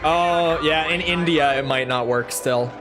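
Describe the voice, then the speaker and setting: Gaming streamer, man, slightly high voice, unhurried rambling chatter, cusses, game music behind. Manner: rambling, swears freely, talks to chat. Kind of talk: casual chat while livestreaming a flight game. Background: game music and jet engine sounds.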